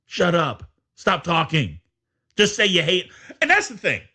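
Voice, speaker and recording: A man hosting a casual sports podcast, talking in an animated, exasperated way and laughing often. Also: high voice, measured pace. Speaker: podcast host.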